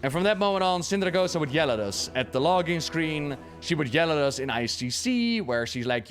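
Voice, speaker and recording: A man's voice: fairly high pitch, animated, fairly quick, hardly any pauses, clear, resonant tone. A man streaming a video game, chatting casually about its lore with jokes and casual swearing. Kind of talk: casual lore commentary while playing.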